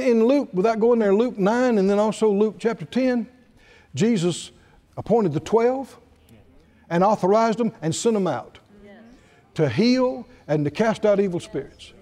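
A man's voice: high voice, lively intonation, moderate pace, warm tone. A man preaching a sermon, telling stories with animation, laughing at his own jokes and acting out the voices he quotes. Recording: reverberant hall.

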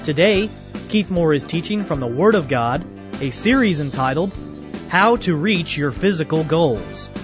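A man reading a scripted radio introduction in a slow, measured way, on a muffled broadcast. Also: on the high side, lively intonation, music in the background. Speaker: radio announcer.

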